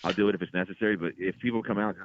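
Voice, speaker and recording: A man, a comedian being interviewed, telling stories in an exasperated, animated way. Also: sits low, very fast, slight background noise. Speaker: comedian guest. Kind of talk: casual interview chat. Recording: tinny phone-like line.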